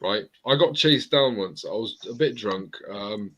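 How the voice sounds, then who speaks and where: A man in his forties hosting a casual live chat, an animated storyteller who laughs at his own tales. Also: lowish voice, a little slow, muffled recording. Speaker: host.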